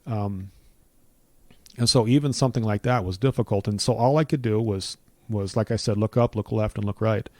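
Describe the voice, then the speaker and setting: A man's voice: lowish voice, moderate pace, no echo. A middle-aged man giving an earnest personal testimony in conversation, building his points with repeated phrases like a preacher.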